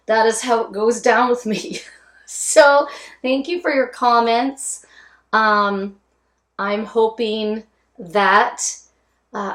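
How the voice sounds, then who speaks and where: A woman hosting a reaction video, talking casually in a chatty way with lots of fillers and restarts. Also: medium pitch. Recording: echoey room.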